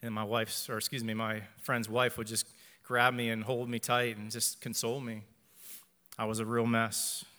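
A man in his forties gives an earnest personal faith testimony to a church, speaking in measured phrases and repeating lines for emphasis. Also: mid-range voice, flat delivery, pushed and bright, long reverb tail. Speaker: church member giving testimony.

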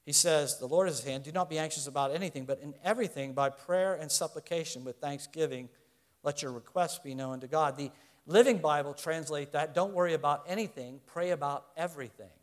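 Pastor, middle-aged man, high-pitched voice, earnest and conversational sermon delivery. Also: fairly quick. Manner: earnest, conversational preaching with rhetorical questions.

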